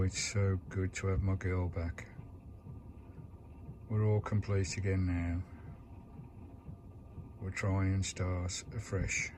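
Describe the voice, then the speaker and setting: A man's voice: low voice, background noise. A British man vlogging casually from his camper van at a campsite, chatty and doting as he talks to his dog. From United Kingdom. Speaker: vanlife vlogger. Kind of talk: casual vlog chat.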